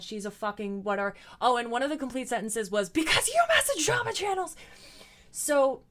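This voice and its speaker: A young adult woman hosting a commentary video, recapping online drama in a blunt, opinionated way and swearing freely. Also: mid-range voice.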